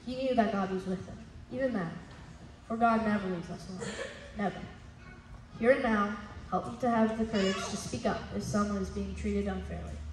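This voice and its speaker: A woman's voice: mid-range voice, moderate pace. A woman reading a reflective prayer aloud at a school religious performance, with an earnest manner. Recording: echoey hall with faint noise.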